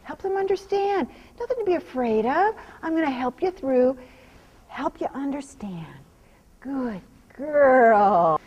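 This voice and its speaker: High, lively, husky-voiced woman horse trainer. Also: unhurried, muffled recording. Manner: coaxes the horse with soft repeated praise; alternates firm commands with calm explanation to viewers. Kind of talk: hands-on training demonstration.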